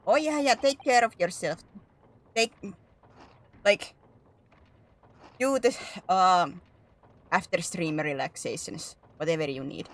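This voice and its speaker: A woman's voice: fairly low pitch, slow pace, long pauses. A woman streaming a game, chatting casually with her viewers, giggly and self-mocking. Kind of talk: casual chat while playing.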